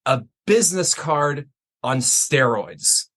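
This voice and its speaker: A man's voice: medium pitch, animated, takes it slowly, a bit bright. A man talking as a guest on a business podcast, chatty and loose, full of "like" and "you know". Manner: casual, lots of "like" and "you know". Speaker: guest, wealth manager. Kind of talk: casual interview.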